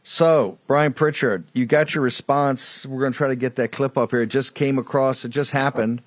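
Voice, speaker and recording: A man's voice: mid-range voice, steady tone, moderate pace, no room sound. Brusque male talk show host, dry sound. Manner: brusque, urgent. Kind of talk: political talk show hosting and read ad.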